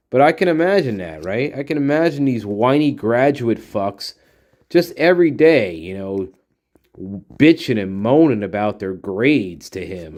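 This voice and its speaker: Profane, slow-talking male host ranting. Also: medium pitch, very animated, darkish tone. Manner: profane, sarcastic, rambling. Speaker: podcast host. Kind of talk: solo commentary rant.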